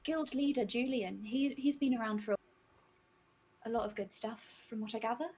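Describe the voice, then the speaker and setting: Female player, high voice, casual, hesitant, full of ums. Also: normal speed, a little mellow, breathy edge. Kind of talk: in-character tabletop play.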